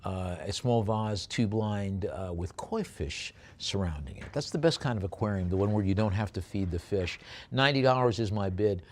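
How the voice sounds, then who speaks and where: A man's voice: fairly low pitch, animated, normal speed, darkish tone, slight background noise. Man, auctioneer, live auction calling, hesitant fillers, joking asides. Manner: chatty, with joking asides between lots; hesitant, many fillers while describing items.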